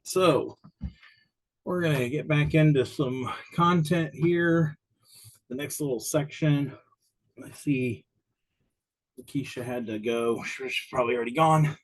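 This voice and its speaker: A man's voice: mid-range voice, poor audio. A middle-aged man, a little winded, teaching an insurance exam class on a livestream in a chatty, rambling, self-deprecating way at his desk mic.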